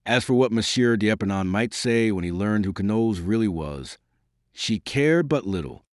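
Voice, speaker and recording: With a fairly low pitch, a male narrator reads a novel aloud for an audiobook, measured and expressive in his storytelling. It's scripted narration in a dry, studio-quality recording.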